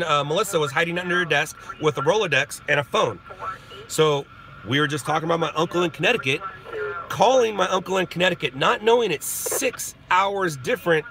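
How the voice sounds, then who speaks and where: A man's voice: on the high side, a bit bright. A middle-aged man from Southern California hosting a casual live stream, chatting and laughing as he answers viewers. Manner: rambling, chatty, laughs often. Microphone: phone.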